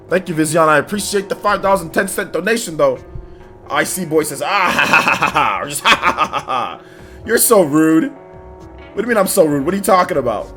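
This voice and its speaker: A man's voice: a little high, a bit bright. A young man hosting a livestream in casual chat, reading donations with laid-back slangy banter and frequent laughter. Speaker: livestream host.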